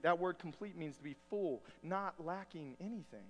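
High-voiced preacher in a reverberant church. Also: male voice, animated, moderate pace, hardly any pauses, fairly bright tone. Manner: folksy, joking storyteller. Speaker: pastor. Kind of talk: sermon.

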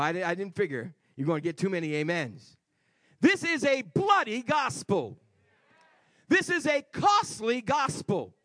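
A male preacher delivering an emphatic sermon to a congregation, shifting between shouts and quiet asides. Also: very high voice, no echo, clean studio sound. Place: church before a congregation.

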